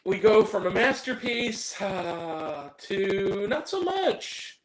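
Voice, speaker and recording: Lively high-voiced man reviewing movies. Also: slow pace, echoey room, poor audio. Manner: animated, joking, mock-angry rants. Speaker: movie review show host. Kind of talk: casual movie review talk.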